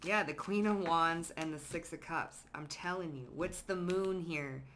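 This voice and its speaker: Bright-voiced, profane woman reading tarot. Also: on the low side, unhurried, slight background noise. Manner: profane, slangy, emphatic. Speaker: tarot reader.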